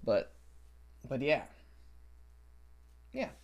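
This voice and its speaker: A man's voice: mid-range voice, huge pitch swings, extremely slow, darkish tone, dull audio. A young man hosting a casual solo podcast from a basement at home, rambling and cursing in an exasperated way into his podcast microphone. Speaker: podcast host. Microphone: podcast setup microphone.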